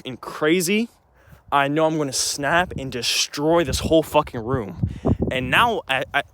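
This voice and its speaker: A man's voice: a little high, a bit bright, no echo. A young man telling a personal story in an agitated, rambling way, full of restarts and swearing. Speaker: vlogger.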